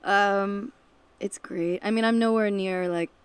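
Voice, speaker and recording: A woman's voice: mid-range voice, steady tone, unhurried, smooth. A woman in her forties, a musician raised in Detroit and Nashville, chatting casually in an interview, with hissing S sounds and a habit of trailing off mid-thought. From United States, Detroit and Nashville. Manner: chatty, laughs often, trails off mid-sentence. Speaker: musician guest.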